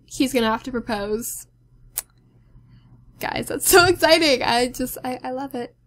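High-voiced, chatty young woman. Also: unhurried, a bit bright. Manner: chatty and giggly, rambling asides to viewers. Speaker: let's play host. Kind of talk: casual gameplay commentary.

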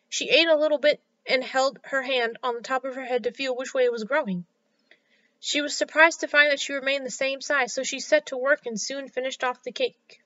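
Bright, high-voiced woman reading a children's story. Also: fairly even intonation, a little fast. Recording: slightly dull lo-fi sound.

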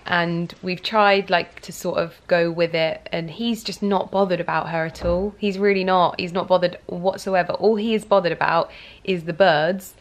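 A tired young woman talks straight to camera in a loose, rambling vlog, full of "like" and trailing thoughts. Her voice sits a little low with a gravelly fry, and she sounds on the edge of tears. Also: fairly even intonation, normal speed. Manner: rambling, emotional, many fillers. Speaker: vlogger. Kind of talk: casual vlog chat.

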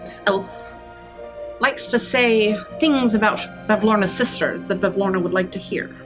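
A woman's voice: medium pitch, measured pace. A woman running a tabletop game as game master, with a dry, matter-of-fact way of narrating. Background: background music.

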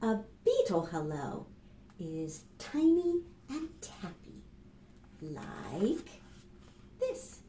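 A woman librarian leading a children's storytime, reading aloud in an animated, sing-song way and talking straight to young children. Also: on the low side, very slow, reverberant, slight background noise.

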